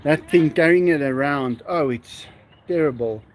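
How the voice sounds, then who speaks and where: A South African man with an Afrikaans accent, chatting casually as he hosts a livestream. He talks slowly in a fairly high voice and laughs often. A faint hiss sits under the recording. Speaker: livestream host. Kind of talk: casual livestream chat reading viewer comments.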